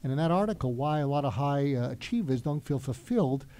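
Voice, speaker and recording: A man's voice: medium pitch, lively intonation, quick pace, mellow. A middle-aged man, a doctor guest on a talk show, telling a reflective anecdote with frequent fillers.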